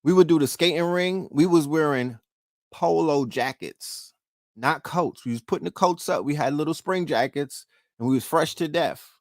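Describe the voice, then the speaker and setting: A man's voice: fairly high pitch, moderate pace, no room sound, studio quality. A middle-aged man with a New York accent hosting a casual show, talking profanely and throwing questions at his listeners. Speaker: podcast host. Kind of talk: casual livestream talk.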